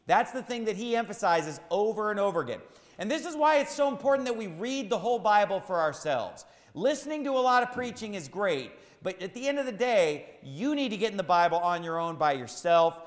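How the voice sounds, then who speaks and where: A man's voice: high voice, lively intonation, fairly quick, big-room sound. A man preaching a sermon as pastor, emphatic and repeating key phrases for stress.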